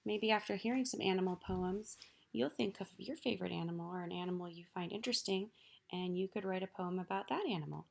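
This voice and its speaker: A woman teacher reading poems aloud and gently encouraging children to write their own. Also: medium pitch, quick pace, creaky.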